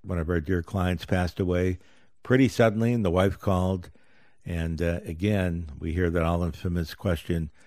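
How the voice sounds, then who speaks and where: A man's voice: deep voice, fairly even intonation, moderate pace, a little mellow, no room sound, clean studio sound. A middle-aged man hosting a live radio financial talk show, with folksy, upbeat salesman patter.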